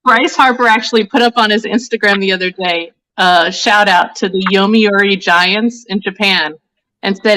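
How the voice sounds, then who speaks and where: A woman chatting in a casual sports podcast in a relaxed, chatty way. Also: mid-range voice, normal speed, rough recording.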